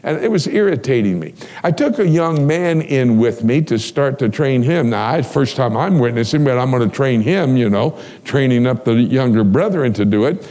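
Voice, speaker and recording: A man's voice: medium pitch, normal speed, few pauses. A man preaching a sermon, telling personal stories with animation and acting out the dialogue. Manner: animated storyteller, acts out dialogue.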